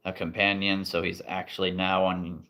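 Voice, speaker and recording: A man running a tabletop role-play game as game master, playful and quick to chuckle as he addresses his players. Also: low-pitched, level tone, bright, forceful tone.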